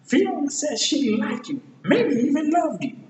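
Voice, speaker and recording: A man voicing an excitable, talkative male donkey in a squeaky, pushy way while retelling a film scene. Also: a little slow, reverberant, long reverb tail, far from the mic, highs cut off, slight background noise, full character voice. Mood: insistent.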